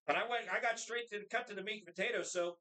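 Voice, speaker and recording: A man's voice: high voice, very fast, bright, forceful tone. A man co-hosting a casual live show from a bar, rambling and quoting movie lines in put-on voices. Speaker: co-host. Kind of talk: casual bar podcast banter.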